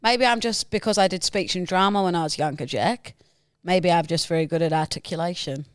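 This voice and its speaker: A woman's voice: fairly low pitch, brisk, clear, resonant tone, no echo, studio quality. Playful woman podcast host from New Zealand. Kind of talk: casual chat.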